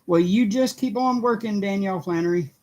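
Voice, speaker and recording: A man's voice: high-pitched, a little fast, darkish tone. A middle-aged man hosting a casual craft livestream from home, chatting with viewers, greeting them by name and laughing often. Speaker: livestream host.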